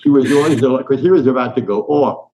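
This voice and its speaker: Speaking in a mid-range voice at a fairly quick clip, this older sports columnist from Newark, New Jersey, US, trades stories as an interview guest, performing each quoted person's voice with gusto. The sound is slightly dull and lo-fi, with a little hiss or hum.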